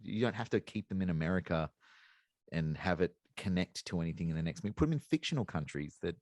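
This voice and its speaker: A man's voice: low voice, expressive, quick pace, a little mellow, no room sound, studio quality. A man co-hosting a podcast in casual chat, rambling and thinking aloud as he goes. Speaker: podcast co-host.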